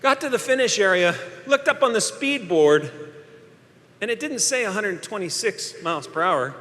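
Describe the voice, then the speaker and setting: Man, keynote speaker, high bright voice, animated, acts out voices, long hall reverb. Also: normal speed. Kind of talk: live keynote storytelling. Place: large hall with live audience.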